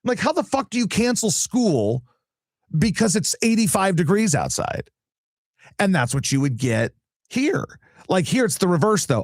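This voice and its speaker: Profane ranting male host, animated pitch. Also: measured pace, dry recording, studio quality. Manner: profane, exasperated, sarcastic ranting. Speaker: radio and live-stream host. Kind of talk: ranting casual monologue.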